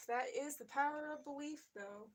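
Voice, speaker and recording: A woman reading a memoir aloud in a steady voice, now and then stopping to comment on it and laugh. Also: high voice, normal speed. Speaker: reader.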